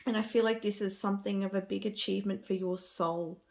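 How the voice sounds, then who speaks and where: A woman's voice: medium pitch, steady tone, fairly quick, creaky, darkish tone. A woman giving a spiritual card reading to camera. She talks with gushing enthusiasm and often trails off and restarts. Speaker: tarot card reader.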